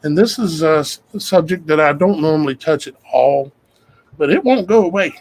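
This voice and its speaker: A man's voice: on the high side, animated, moderate pace, a little mellow, poor audio. A man, hosting his show and talking to viewers in a rambling, folksy way. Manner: rambling, conversational, folksy with "y'all guys". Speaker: show host. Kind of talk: casual talk to viewers.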